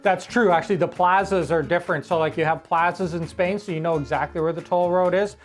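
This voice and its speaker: Relaxed man explaining travel tips. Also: high-pitched, fast talker, soft background music. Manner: relaxed, explanatory, a bit rambling. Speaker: travel vlogger co-host. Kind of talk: casual travel tips chat.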